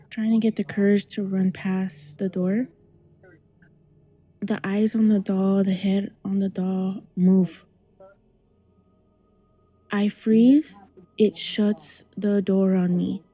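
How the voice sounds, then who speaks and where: A young adult woman calling in to tell a scary childhood memory in a hushed, dramatic way that often drops to a whisper. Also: medium pitch, fairly even intonation, slow, pauses often, poor audio. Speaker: caller. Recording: call-in audio.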